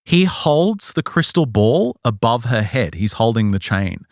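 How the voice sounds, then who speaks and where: A male podcast host telling a story in casual chat, animated and acting out the people he quotes. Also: mid-range voice, measured pace, no echo, clean studio sound.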